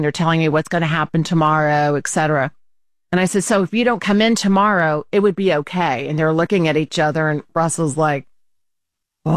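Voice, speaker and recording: Chatty woman telling an animated story. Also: lowish voice, no echo, studio quality. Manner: animated, laughing, acts out quoted voices. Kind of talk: casual storytelling chat.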